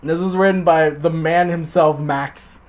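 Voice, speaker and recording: A man's voice: a little high, steady tone, unhurried. Laughing, swearing man reading aloud. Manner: laughs often, swears, jokey. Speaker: host. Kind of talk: casual chat, reading stories aloud.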